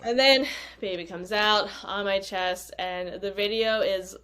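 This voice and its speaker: A woman's voice: mid-range voice, measured pace, bright, forceful tone, smooth. A woman, a podcast guest, telling a personal story in casual talk and acting out her own past lines. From United States.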